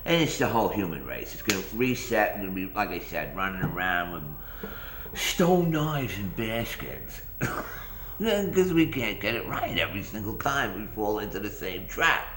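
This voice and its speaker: A man's voice: fairly low pitch, bright, forceful tone, roomy sound. A man hosting a morning rant vlog, rambling and sarcastic, often repeating his phrases. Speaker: vlog host.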